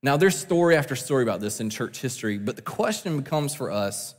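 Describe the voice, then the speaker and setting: A man's voice: medium pitch, sing-song, fast, long reverb tail. A man preaching a sermon from the pulpit, earnest and building to emphatic peaks. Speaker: pastor. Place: church sanctuary.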